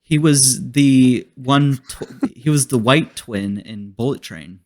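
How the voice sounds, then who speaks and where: A man's voice: mid-range voice, slow pace, a little mellow. A man hosting a casual podcast, reviewing a movie in a rambling, profane way and laughing often. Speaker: host.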